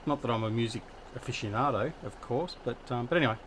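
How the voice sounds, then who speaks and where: A man's voice: medium pitch, quick pace, fairly bright tone, slight background noise. Chatty Australian man hosting a livestream. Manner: chatty, greets viewers by name, self-deprecating. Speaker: livestream host. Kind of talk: casual gaming livestream chat.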